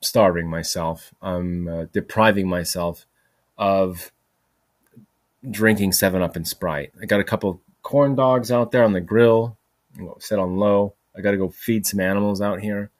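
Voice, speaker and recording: Male podcast host, low register, loose rambling delivery, swears mildly. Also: fairly even intonation, unhurried. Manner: rambling, peppered with "freaking" and "like". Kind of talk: rambling solo monologue. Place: home recording, voice message.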